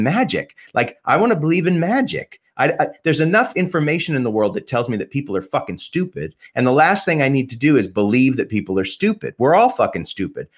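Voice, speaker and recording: A man's voice: medium pitch, a bit bright. A man talking as a podcast guest, rambling passionately about music, swearing freely and restarting his sentences. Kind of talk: casual podcast conversation.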